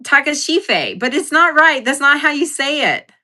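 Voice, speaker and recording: Young adult woman livestream host, bright voice, giggly and rambling. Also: sits high, moderate pace. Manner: giggly, self-deprecating, rambling with fillers. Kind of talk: casual livestream chat.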